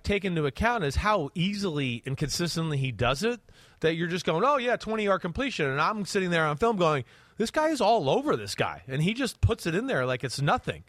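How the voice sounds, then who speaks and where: A man's voice: a little high, a bit bright, dry recording. A man co-hosting a football podcast, talking bluntly and emphatically, swearing and hammering points home. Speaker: podcast co-host, draft analyst. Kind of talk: casual football podcast chat.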